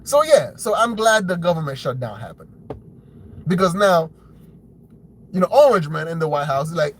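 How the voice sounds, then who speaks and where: A man's voice: sing-song, moderate pace, long pauses, slight background noise, poor audio. A man hosting a commentary show, ranting bluntly with profanity and a habit of asking "right?". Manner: blunt, profane, mocks opponents in shrill put-on voices. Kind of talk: opinionated commentary rant.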